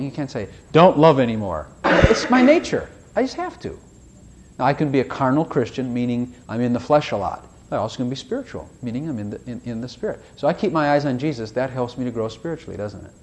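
A man's voice: medium pitch, darkish tone. Folksy man preaching a rambling sermon. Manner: folksy and rambling, with rhetorical questions. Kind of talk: conversational sermon.

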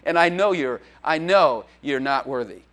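A man's voice: fairly high pitch, animated, moderate pace, fairly bright tone. A man preaching as a pastor in a church, in a joking, conversational way with playful acted quotes. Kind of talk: sermon.

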